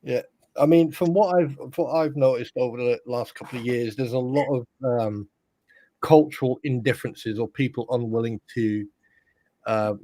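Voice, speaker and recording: A man's voice: medium pitch, dark tone, dry recording. A British man from the UK co-hosting a live stream, chatting casually in a rambling, joking way. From United Kingdom. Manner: rambling, joking, quick to mimic others. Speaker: stream co-host.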